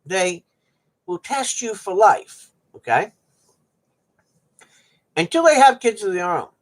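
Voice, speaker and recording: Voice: mid-range voice, animated, takes it slowly. A middle-aged streamer rambling at home in a folksy, joking way to viewers. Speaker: live streamer chatting with viewers. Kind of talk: rambling casual chat to viewers. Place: at home on a cold day.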